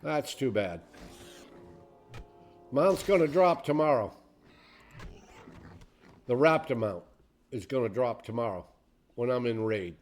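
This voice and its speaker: A man's voice: medium pitch, animated, slow pace, long pauses, soft background music. A man streaming a game, chatting casually and reacting to chat and teammates. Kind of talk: casual live-stream chat while gaming.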